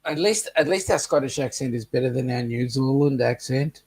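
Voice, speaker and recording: Male co-host, gravelly husky voice, casual comment-reading banter. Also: mid-range voice, normal speed, a little mellow. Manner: reads viewer comments aloud, joking. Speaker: co-host of a live chat show. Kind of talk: casual live-stream chat.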